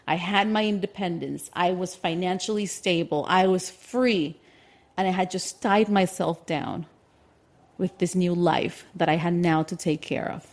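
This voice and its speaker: Animated woman in her thirties telling a story. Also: lowish voice. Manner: animated, acts out voices in her anecdotes; quick, tumbling delivery with restarts. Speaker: podcast co-host. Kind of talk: casual storytelling chat.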